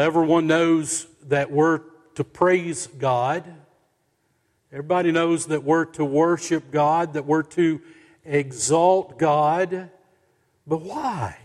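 A male pastor delivering a sermon at a deliberate, unhurried pace, lingering on each stressed word. His voice sits a little high for a man. The sound carries a long reverb, as in a church sanctuary. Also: darkish tone. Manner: slow, emphatic preaching with dramatic pauses.

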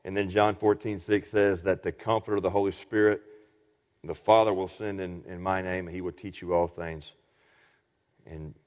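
A man with a low, slightly mellow voice preaches a sermon at a moderate pace and in a steady tone. He teaches earnestly, frequently restarting and repeating words, and the recording carries a long hall reverb.

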